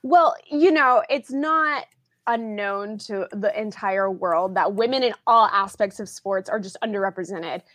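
A woman's voice: medium pitch, measured pace, a bit bright, dry recording. A young adult woman from Oklahoma, a podcast guest chatting casually with lots of fillers and restarts. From Tulsa, Oklahoma area, US. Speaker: podcast guest, film critic.

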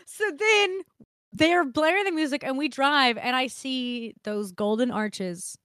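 A young woman co-hosting a podcast, telling a story in casual chat, animated, laughing often and swearing freely. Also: high-pitched, a little slow, clear, resonant tone, no echo, clean studio sound. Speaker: podcast co-host.

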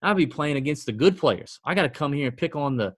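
A man's voice: fairly high pitch, expressive, fast talker, dry recording, studio quality, pitched above the performer's own voice. A man putting on a mock Australian accent to play a cocky male pro golfer who boasts about picking on weak fields. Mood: smug. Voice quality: boastful, self-satisfied.

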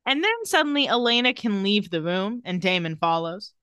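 A woman's voice: medium pitch, big pitch swings, moderate pace, fairly bright tone, clean tone, dry recording, studio quality. A woman co-hosting a podcast, casually recapping a TV episode scene by scene and quoting the characters. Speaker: podcast co-host.

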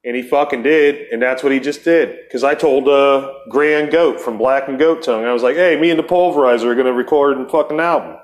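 A middle-aged man tells a long, swearing story as a podcast host. His voice sits at an ordinary pitch for a man. He rambles, stops and starts, and throws in bits of other people's voices as he goes. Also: brisk, few pauses. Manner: profane, rambling, acts out quoted voices. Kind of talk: casual storytelling chat.

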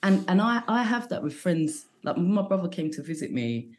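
A woman's voice: fairly low pitch, very animated, moderate pace, darkish tone. A British woman in her forties, a comedian guest chatting casually with lots of slang, swearing and fillers. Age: 40s. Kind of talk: casual chat.

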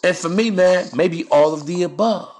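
A man with a slightly high voice holds forth on dating, swaggering and preachy, dropping crude words with total confidence. Faint music runs behind him. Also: normal speed, a little mellow. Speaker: podcast host. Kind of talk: dating advice monologue.

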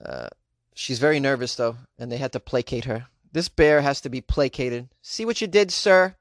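A man's voice: medium pitch, moderate pace, no room sound, clean studio sound. A man hosting a show, reading odd news stories and adding sarcastic, joking remarks. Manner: sarcastic, joking asides with laughs. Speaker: host.

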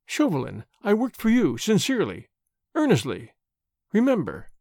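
A desperate noblewoman, as a male narrator voices her, urgent and pleading in a high, lively tone. The storybook reading is close and dry. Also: moderate pace, vocal fry, no echo, exaggerated voice.

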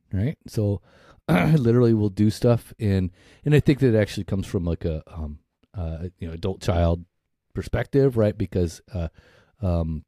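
A man's voice: lowish voice, dark tone, dry recording, studio quality. A middle-aged man co-hosting a podcast in casual, rambling chat, swearing freely and laughing often. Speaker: podcast co-host.

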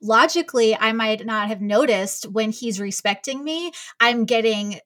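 A woman talking candidly in a casual chat, lively and animated, acting out the voices she quotes. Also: on the high side, a little slow.

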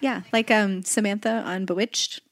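A woman's voice: mid-range voice, fairly even intonation, moderate pace. A woman with a faint Southern accent, co-hosting a book podcast, playful and laughing easily as she reads a giveaway. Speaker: podcast co-host. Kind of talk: casual chat and sponsor reads.

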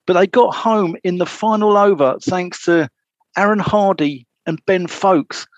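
A man's voice: sits high, unhurried, no room sound, dull audio. A man with a Southern English accent hosting a casual cricket chat, often stumbling and restarting his sentences. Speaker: podcast host.

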